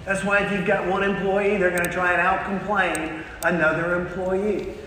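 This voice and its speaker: A man giving a motivational keynote talk to a live audience, telling stories with punchy pauses and quizzing the crowd. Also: sits high, little pitch movement, pushed and bright, far from the mic, a little hiss or hum. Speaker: motivational speaker. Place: large hall with an audience. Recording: echoey hall, long reverb, faint ambience.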